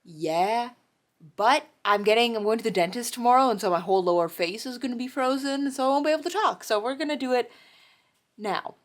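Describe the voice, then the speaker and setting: A woman's voice: a little high, brisk. Chatty young woman vlogging. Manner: chatty and excitable, many fillers. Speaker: convention artist vlogger. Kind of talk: casual vlog chat.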